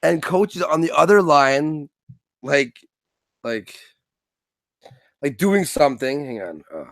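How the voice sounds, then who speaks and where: A man's voice: fairly high pitch, slow, gravelly, no echo. A man talking on a stream, swearing freely and acting out little scenes with different voices. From Canada. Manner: animated, profane, acts out scenes in funny voices. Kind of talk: casual stream commentary.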